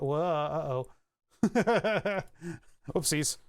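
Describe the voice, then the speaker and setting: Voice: mid-range voice, lively intonation, unhurried. Streamer type: mid-range voice, casual, profane, laughs off technical failures. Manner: thinks aloud, swears, laughs at own frustration. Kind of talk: casual live-stream chat while fixing software.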